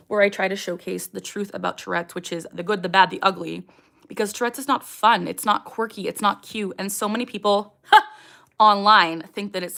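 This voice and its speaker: Her mid-range voice has vocal fry and a pushed, bright quality. She's a young woman running a relaxed livestream and answering viewer questions openly. Ums come often, along with sudden vocal tics.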